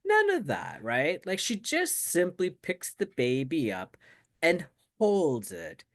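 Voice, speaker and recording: A man's voice: a little high, huge pitch swings, takes it slowly, vocal fry, a bit bright. A man talking in a casual, rambling way full of fillers, reflecting on his meditation practice as a show co-host. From United States. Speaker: co-host of a Buddhist talk show. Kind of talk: casual chat.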